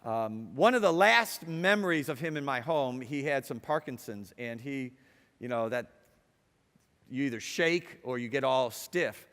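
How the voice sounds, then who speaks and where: A middle-aged man from Ohio telling a personal story to an audience, wry, moving between quiet reflection and lively, amused telling. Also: medium pitch, unhurried, smooth. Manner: wry, swings from hushed to lively. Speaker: speaker. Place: university hall. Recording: hall with long reverb.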